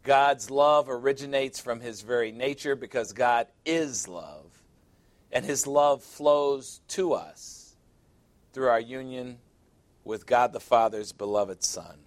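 Speaking slowly in a mid-range voice, a male pastor delivers a forceful sermon. He reads scripture aloud, reflects on it, and talks straight to the congregation.

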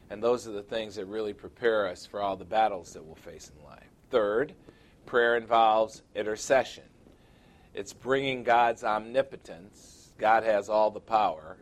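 Male preacher, mid-pitched, body mic, teaching tone with playful asides and slowed emphasis. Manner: joking asides with laughter, slows for emphasis. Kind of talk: sermon. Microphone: wireless body microphone.

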